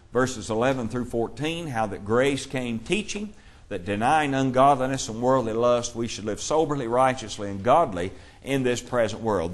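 A man leads a Bible class, speaking at a middle pitch. He explains each passage in a measured, steady way and reads verses aloud between his points.

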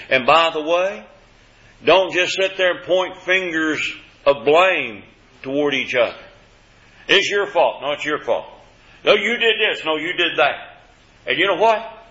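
Preacher guy telling stories from the pulpit, bright voice, kinda muffled roomy recording. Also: fairly high pitch. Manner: folksy storytelling preacher, repeats words, swings from loud to hushed. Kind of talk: sermon. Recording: echoey hall, dull lo-fi sound.

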